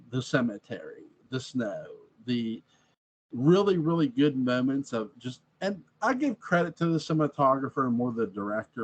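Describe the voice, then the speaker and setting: A man's voice: mid-range voice, slight background noise. A man in a casual film review chat, rambling through his points with restarts. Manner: rambling, with frequent restarts and laughs. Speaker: movie reviewer. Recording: dull lo-fi sound.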